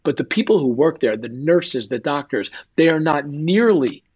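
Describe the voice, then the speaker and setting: A man's voice: on the high side, expressive, normal speed, darkish tone, husky, muffled recording. A man, a guest and author, telling an emotional personal story in an interview and acting out quoted dialogue.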